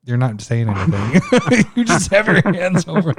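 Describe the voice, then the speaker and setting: A man co-hosting a podcast in casual chat, easygoing and quick to laugh. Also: fairly high pitch, big pitch swings, slight background noise. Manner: easygoing, laughs often, wraps up the show. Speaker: podcast co-host.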